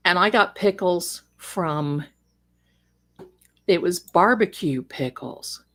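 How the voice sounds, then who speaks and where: A woman's voice: on the low side, takes it slowly, a bit bright. A middle-aged woman who grew up in Germany, chatting casually and rambling as she answers viewers during a livestream. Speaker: livestream host.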